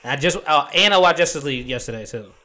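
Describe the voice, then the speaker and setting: A woman's voice: deep voice, expressive, fast, bright, forceful tone. A woman co-hosting a podcast in casual chat, teasing and laughing often. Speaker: podcast co-host.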